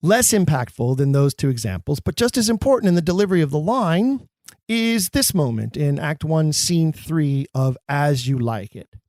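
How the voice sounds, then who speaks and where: A man's voice: fairly high pitch, expressive, normal speed, a little mellow, dry recording, clean studio sound. A man hosting a podcast, lecturing on how actors should deliver classic verse in an emphatic, theatrical manner. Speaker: podcast host. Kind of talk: scripted lecture on acting Shakespeare.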